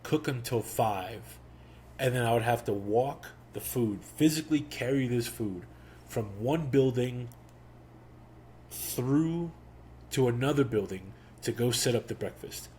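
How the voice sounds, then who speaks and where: A young man hosting a podcast, telling a personal story slowly and reflectively, with pauses. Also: mid-range voice, a little mellow, a little hiss or hum. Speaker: podcast host. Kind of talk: storytelling monologue.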